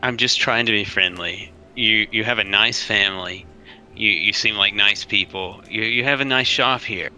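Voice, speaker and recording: Bright-voiced, stammering player. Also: male voice, fairly low pitch, normal speed, faint music behind, poor audio. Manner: coaxing, friendly, stammering restarts. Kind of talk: playing a tabletop game.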